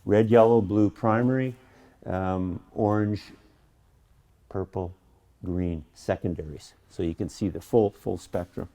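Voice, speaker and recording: A man's voice: low-pitched, fairly even intonation, unhurried, dark tone. A middle-aged man teaching painting in his studio, chatty and enthusiastic, often restarting and repeating words as he works. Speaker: painting instructor. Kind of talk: painting demonstration. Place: art studio.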